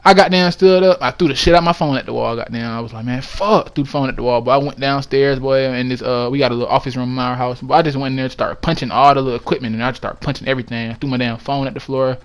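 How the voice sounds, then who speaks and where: A man rattles off a personal story at a rapid clip, in a casual vlog monologue. His delivery is emphatic and excitable, punctuated by plenty of swearing. His voice sits at an ordinary middle pitch. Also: clear, resonant tone. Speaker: vlogger.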